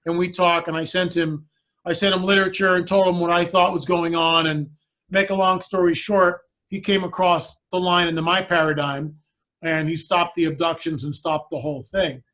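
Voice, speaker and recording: A man, a guest in a conversation, telling a story in an animated way and acting out the lines of the people in it. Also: a little high, normal speed. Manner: animated storyteller who acts out the quoted dialogue.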